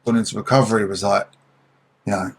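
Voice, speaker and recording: A man, a podcast guest in recovery, giving earnest advice in a husky voice, emphatic and swearing freely. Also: on the low side, fairly even intonation, fast, slight background noise. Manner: emphatic, swears freely, repeats points for stress.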